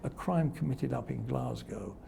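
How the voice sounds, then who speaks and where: An older man, a veteran broadcaster, recalls old stories in an interview, chuckling and mimicking the people he quotes. His voice is strongly gravelly and dark-toned, with faint noise behind him. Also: medium pitch, animated, moderate pace. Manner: chuckling storyteller who acts out quoted voices. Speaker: television presenter. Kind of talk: reminiscing interview anecdotes.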